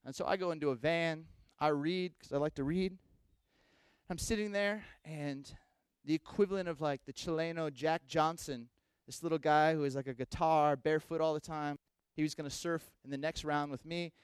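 A man with a fairly high voice delivers a sermon as a lively storyteller, jumping from loud bursts to hushed asides. The sound is dry and close, with no room around him. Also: moderate pace, clean tone, no echo. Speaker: pastor.

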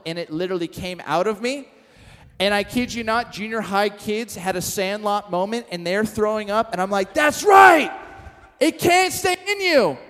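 Man, middle-aged pastor, high voice, lively storytelling sermon, self-mocking, long hall reverb.

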